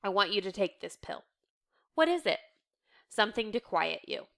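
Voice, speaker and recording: Calm, kind middle-aged father, measured and gentle; a woman reads him. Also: mid-range voice, gravelly.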